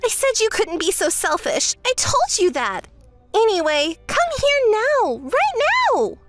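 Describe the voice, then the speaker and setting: A woman's voice: sing-song, normal speed, fairly bright tone, faint music behind, exaggerated voice. A woman voicing a spoiled, self-centered young bride who bosses her sister around, in a texting-story voice-over. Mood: frantic. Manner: whiny, bossy, shrill when angry.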